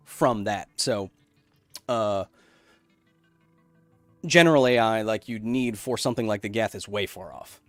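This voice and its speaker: Young male streamer, casual and self-interrupting, mid-pitched, soft music bed. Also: no room sound. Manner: rambling, self-interrupting, loose explanations. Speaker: livestream science host. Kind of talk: casual live chat, reading viewer messages.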